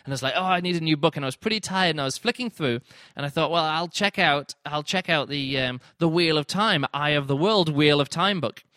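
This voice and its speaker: A man's voice: a little high, a little fast, pushed and bright, no room sound, clean studio sound. A man hosting a podcast, giving a casual spoken book review and acting out his own reactions in quoted asides. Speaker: podcast host reviewing books.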